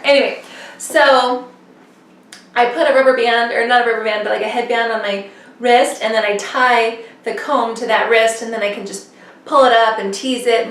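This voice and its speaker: A woman's voice: a little high, a bit bright. A young woman vlogging to camera in a rambling, chatty way with many fillers. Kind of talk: casual chat to camera. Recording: echoey room, mic at a distance.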